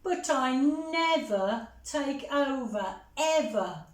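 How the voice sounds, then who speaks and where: A woman voicing an eager little sister mouse in a storybook, squeaky and pleading. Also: expressive, extremely slow, exaggerated voice. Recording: roomy echo.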